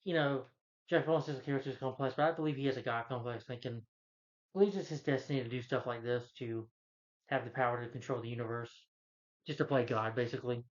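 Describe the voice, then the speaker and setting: A man's voice: medium pitch, fast talker, muffled recording. A man casually recapping a film's plot, rambling with lots of fillers and self-corrections. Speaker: film reviewer.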